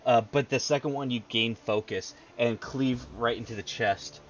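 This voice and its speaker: A man running a tabletop role-playing game as game master, easygoing and quick with asides, laughing often. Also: medium pitch. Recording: dull lo-fi stream audio with faint noise.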